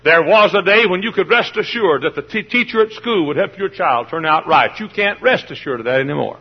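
A man preaching a fiery sermon in a church, swinging from hushed pleading to shouting. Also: high voice, animated, a little fast, husky. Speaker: pastor. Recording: dull lo-fi old sermon recording.

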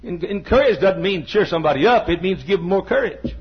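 An older male pastor delivers an impassioned sermon, circling back to the same phrases and climbing into shouts. His voice sits high for a man and has a husky edge. The recording is dull and lo-fi. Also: lively intonation, a little fast. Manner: impassioned preaching, repetitive, rising to shouts.

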